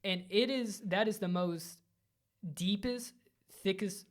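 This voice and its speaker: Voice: mid-range voice, slow. A podcast co-host telling a long, rambling story in casual chat, often stopping and restarting mid-sentence.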